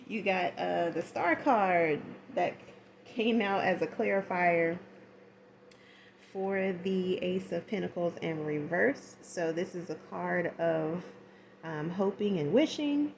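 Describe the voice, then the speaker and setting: A woman's voice: on the low side, takes it slowly, vocal fry, slight background noise. A woman giving a casual tarot reading, chatty and slangy, acting out little scenes as she goes. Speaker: tarot reader.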